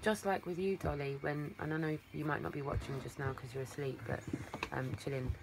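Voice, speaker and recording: An Englishwoman with a deep, creaky, fairly even voice talks fairly quickly on a casual livestream, her phone set some distance away amid background noise. Tired from a long day of talking, she rambles affectionately and calls viewers darling.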